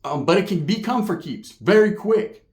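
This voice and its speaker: A streetwise man, talking straight to his viewers and swearing freely. His voice sits a touch high for a man, with Spanish words dropped in here and there. The room around him echoes noticeably. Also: expressive, normal speed, a little mellow. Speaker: YouTube vlogger. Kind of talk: casual talk to camera.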